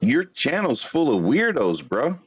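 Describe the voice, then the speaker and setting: A brash man trash-talks rivals on his livestream, swearing freely and firing off fast bursts of insults. His pitch swings widely, jumping high when he gets worked up and dropping low as he mutters. He sits at his computer, talking into a desk mic. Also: huge pitch swings, slightly rough. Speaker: livestream host. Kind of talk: livestream roast rant.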